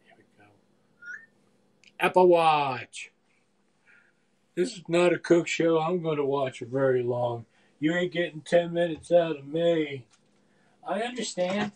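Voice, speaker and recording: A man's voice: a little high, moderate pace, long pauses, a little mellow. A man in his sixties chatting in a rambling, meandering way while cooking live in his home kitchen, often trailing off into mumbled asides. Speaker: live-stream cook. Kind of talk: rambling live-stream chat.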